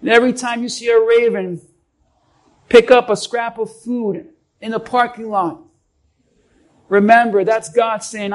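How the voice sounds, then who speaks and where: A man's voice: very high-pitched, steady tone, measured pace, long pauses, poor audio. A man preaching a sermon as a pastor, emphatic and calling on the congregation to respond.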